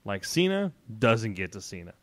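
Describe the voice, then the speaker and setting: A man co-hosting a podcast, arguing his points in animated, casual chat. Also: lowish voice, no echo. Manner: animated and argumentative, drawn-out casual filler. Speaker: podcast co-host.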